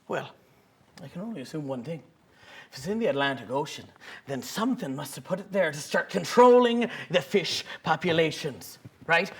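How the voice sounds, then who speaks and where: A man's voice: high voice, fairly bright tone, full character voice. Young man playing a rambling fisherman. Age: young adult. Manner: hesitant, full of fillers, chuckling, quick to get worked up. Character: rambling excitable male fisherman. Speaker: interviewee. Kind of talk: student comedy news skit.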